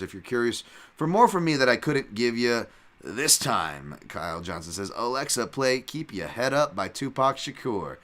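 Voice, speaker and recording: A man's voice: low-pitched, fairly bright tone. A man hosting a solo podcast, rambling in casual chat with lots of fillers and restarts and swearing freely. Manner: rambling, loose talk full of "like" and restarts. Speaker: podcast host and fight analyst.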